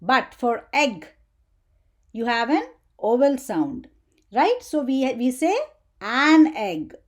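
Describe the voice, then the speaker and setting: A woman's voice: sits high, big pitch swings. A woman teaching an English grammar lesson for children, asking the viewer questions as she goes. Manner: slow, sing-song teaching voice with questions to the viewer.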